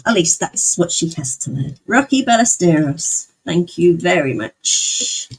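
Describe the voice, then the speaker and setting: A woman's voice: on the low side, expressive, a little slow, husky, low-quality recording. A young woman streamer in casual chat, talking with her viewers and answering their comments as she goes. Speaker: livestreamer.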